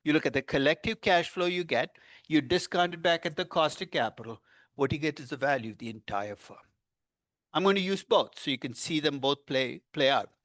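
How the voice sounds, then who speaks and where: A man's voice: fairly high pitch, a little fast, dry recording. Older man lecturing, dry close sound. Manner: animated, asks the class questions, stresses key words. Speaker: finance professor. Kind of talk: university lecture. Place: lecture room.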